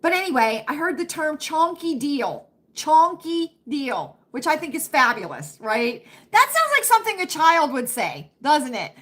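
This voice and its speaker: A bright, tense-edged woman in middle age chats through her livestream. Her voice sits a bit higher than most. She calls her viewers friends and honey and keeps checking in with a quick "right?". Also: sing-song. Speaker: livestream host. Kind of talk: casual live chat with viewers.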